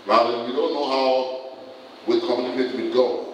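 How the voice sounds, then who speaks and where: A man's voice: mid-range voice, steady tone, normal speed, a bit bright, slight background noise. A man preaching a sermon, throwing questions at the congregation for them to answer. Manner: call-and-response questions to the congregation. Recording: echoey hall from far off, faint ambience.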